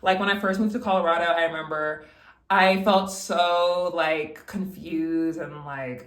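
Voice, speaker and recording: A woman's voice: on the low side, fairly even intonation, moderate pace, roomy sound. A young woman in a casual vlog, emphatically giving advice straight to the viewer while getting ready at home. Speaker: vlogger.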